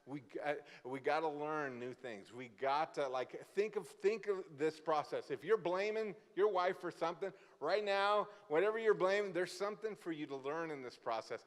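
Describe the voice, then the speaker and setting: A man's voice: a little high, normal speed, hardly any pauses. A man from Brazil, a guest pastor, telling a funny story in a sermon and acting out the people in it. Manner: lively, joking storyteller who acts out the characters. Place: church sanctuary. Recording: church hall with long reverb.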